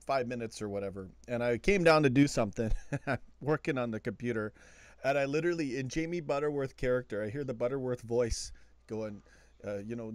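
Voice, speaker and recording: A man hosts a late-night live stream from his computer at home, relaxed and chatty, with easy laughs between remarks. His voice sits in a middle pitch. The sound is dry and close, with no room echo. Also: fairly quick. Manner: chatty and laid-back, laughs often. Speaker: host of a live call-in fan show.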